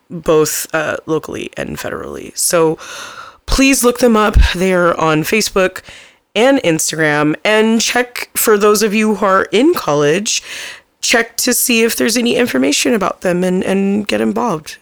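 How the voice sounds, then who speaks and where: A young adult woman co-hosting a casual podcast, earnest and encouraging, with quick asides. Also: mid-range voice, lively intonation, creaky, no echo, studio quality. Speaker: podcast co-host. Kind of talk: casual chat.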